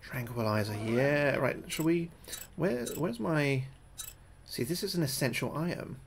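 A British man streaming a game live, talking through each move, often repeating himself, thanking his viewers and getting jumpy and loud when spooked. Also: fairly high pitch, animated, unhurried, gravelly, slight background noise. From United Kingdom. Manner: chatty, repeats his own phrases, thanks viewers between moves. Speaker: gaming livestreamer. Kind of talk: live gameplay commentary.

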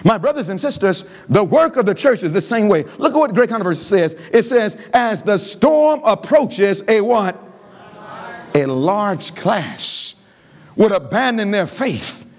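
A man preaching a revival sermon in a church. He keeps asking the congregation to finish his sentences, and he swings between loud emphasis and low pleading. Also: big pitch swings, measured pace. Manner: call-and-response questioning of the congregation. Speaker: pastor. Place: church sanctuary.

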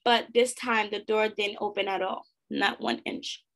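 A woman reading a storybook aloud expressively as a teacher, pausing to pose questions to her listeners. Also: medium pitch, fairly even intonation, a bit bright.

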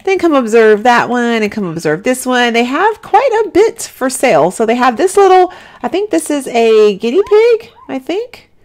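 Chatty woman with lively, animated pitch. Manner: chatty, giggly, talks to viewers. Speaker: game commentator. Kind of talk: let's-play commentary.

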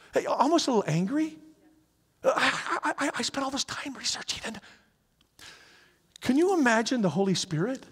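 A middle-aged man preaching a sermon in a lively, conversational way, acting out little scenes as he goes. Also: very high voice, breathy edge. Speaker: pastor. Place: church sanctuary. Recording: reverberant hall.

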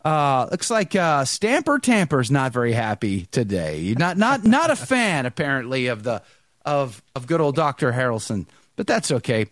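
A man's voice: medium pitch, sing-song, normal speed, no room sound, clean studio sound. A man hosting a live podcast, greeting viewers in the chat one by one by name before he brings in his guest. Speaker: podcast host.

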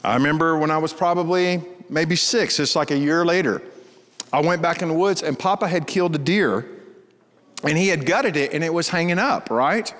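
A middle-aged pastor tells a story from the pulpit, animated and laughing. His voice sits high for a man. It rings out in a hall with a long reverb. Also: moderate pace. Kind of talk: storytelling sermon.

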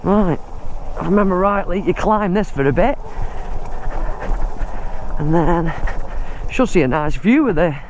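A man's voice: high-pitched, expressive, a little slow, long pauses, slight background noise. A man, out of breath, giving chatty running commentary while riding an e-bike through muddy woods outdoors. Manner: chatty, exclaims at the mud.

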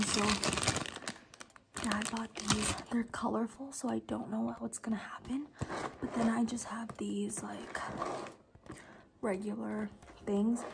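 A woman's voice: a little high, creaky. A young woman, a student, chatting in a casual cooking vlog, mostly whispering in her home kitchen late at night. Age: young adult. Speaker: student vlogger.

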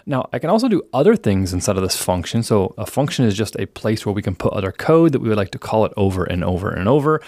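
A man teaching a programming lesson in a relaxed, explanatory way, reading the program output aloud as he works through the code. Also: fairly low pitch, no room sound, studio quality. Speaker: programming instructor. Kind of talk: screencast coding lesson.

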